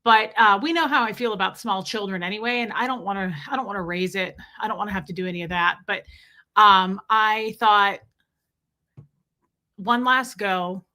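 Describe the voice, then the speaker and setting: A woman's voice: mid-range voice, normal speed, sharp tone. A woman hosting a casual livestream, greeting viewers by name and rambling through chatty asides. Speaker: livestream host. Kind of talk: casual livestream chat reading viewer names.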